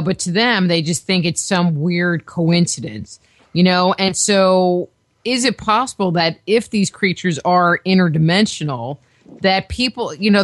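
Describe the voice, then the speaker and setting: A woman's voice: lowish voice, dry recording. Rambling woman radio host, dry sound. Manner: rambling questions, many filler phrases. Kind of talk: casual radio interview.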